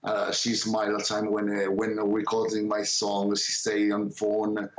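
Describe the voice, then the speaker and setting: Roomy-sounding man, halting English. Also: lowish voice, steady tone. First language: Italian. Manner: halting non-native English with many restarts. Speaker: musician guest. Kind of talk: casual interview chat.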